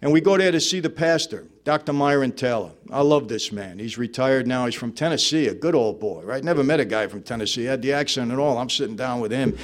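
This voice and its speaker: A man's voice: medium pitch, lively intonation, quick pace, hardly any pauses. A man, telling his personal testimony to an audience in a conversational way and acting out bits of dialogue. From New York. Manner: conversational storyteller, acts out dialogue, frequent "you know". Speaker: speaker giving a personal testimony. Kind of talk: testimony talk to a live audience.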